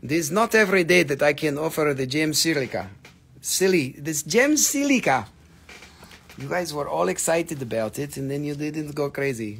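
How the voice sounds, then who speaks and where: A slightly high, gravelly male voice. He runs a live-stream gem sale in jokey, excitable patter and teases his viewers. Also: normal speed.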